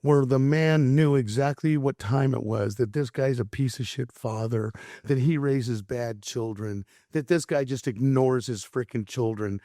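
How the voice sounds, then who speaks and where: A man on an interview tells his story in an earnest, impassioned way, repeating words as he hunts for the right one. His voice sits at a middle pitch. The sound is dry and close. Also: a little slow, mellow, dry recording. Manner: frank and impassioned, repeats words as he searches for them. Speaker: recovery counselor guest.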